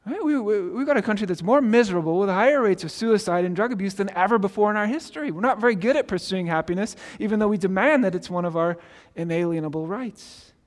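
A man with a high voice preaches a sermon in a loose, conversational way. He keeps checking in with "right?" and trips over his first words. A long reverb hangs on his voice. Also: fast talker, hardly any pauses. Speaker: pastor.

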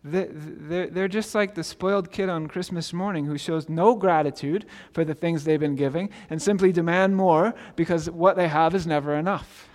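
A man with a high voice preaches a sermon in a loose, conversational way. He keeps checking in with "right?" and trips over his first words. A long reverb hangs on his voice. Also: steady tone, moderate pace, few pauses, a little mellow. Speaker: pastor.

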